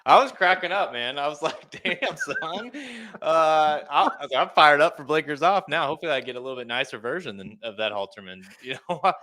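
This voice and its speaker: A man's voice: fairly high pitch, expressive, a little fast, few pauses, pushed and bright. A man in his thirties co-hosting a podcast, talking loosely and laughing often. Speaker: podcast co-host. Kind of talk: casual chat.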